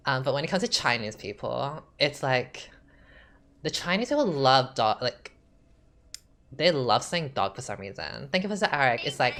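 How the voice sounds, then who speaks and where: Sassy low-voiced woman streaming a game. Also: big pitch swings, a little slow, long pauses. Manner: chatty, sassy, filler-heavy with lots of "like". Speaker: gaming streamer. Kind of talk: casual gameplay commentary. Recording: game music playing behind.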